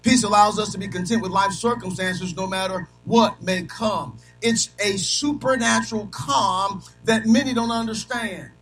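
A middle-aged man preaching in a high, bright, ringing voice. He builds through rhythmic lists, leans on "amen" after nearly every point, and swings from hushed asides to full shouts. Faint music plays behind him. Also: steady tone, normal speed, few pauses, low-quality recording. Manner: punctuates phrases with repeated "amen"; swings between soft low asides and loud shouted peaks. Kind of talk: sermon.

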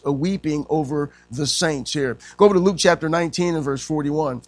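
A man preaching a sermon in a conversational way. He often says amen and voices quotes by pitching up. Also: fairly quick, few pauses, no echo. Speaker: pastor.

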